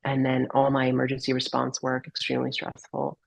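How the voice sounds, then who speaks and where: A woman's voice: extremely low pitch, monotone, fairly quick, gravelly, slightly rough, dry recording, poor audio. A woman guest on a podcast, telling a heartfelt personal story in an earnest, reflective way and sometimes searching for her words. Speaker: podcast guest, holistic healer.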